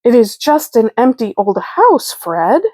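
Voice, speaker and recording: A woman's voice: a little high, very animated, measured pace, a little mellow, dry recording. A woman voicing Fred, an earnest young boy bear who leads a scout troop, in a storybook read-aloud. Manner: earnest, quotes scripture.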